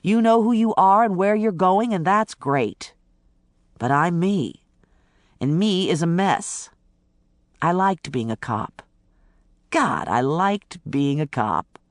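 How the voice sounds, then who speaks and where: Audiobook casting: narrator reading as a blunt, stubborn woman cop, wry and defensive, with slow, expressive lines. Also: lowish voice, dry recording, studio quality. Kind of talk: audiobook character voice.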